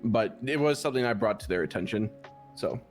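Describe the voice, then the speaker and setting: Guy in cop role-play, easygoing, lots of "you know", kinda low voice, faint music under it. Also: animated, fairly quick. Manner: laid-back, filler-heavy, "you know". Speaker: role-play player, police dispatch. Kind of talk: in-character game role-play chat.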